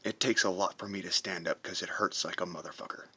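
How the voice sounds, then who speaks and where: A man from the United States with a very deep, husky voice and a hard, forceful edge. He rants at the camera, swearing freely and stressing his words slowly to drive them home. The talk stays confrontational and emphatic throughout. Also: steady tone. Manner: profane, confrontational, emphatic, with slow drawn-out stresses. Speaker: reaction video host. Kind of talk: heated patriotic rant to camera.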